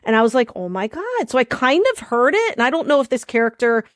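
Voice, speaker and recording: A woman's voice: sits high, very animated, quick pace, no echo, clean studio sound. A woman co-hosting a podcast in a casual chat. She talks in a chatty, loose way, laughs often and trails off into restarts. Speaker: podcast co-host.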